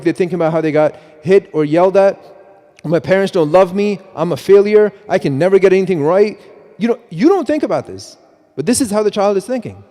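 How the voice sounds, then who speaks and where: A middle-aged man giving a mosque talk on parenting, animated, with many restarts and repeats, often quoting himself. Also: sits high. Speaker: preacher. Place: mosque hall. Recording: long hall reverb.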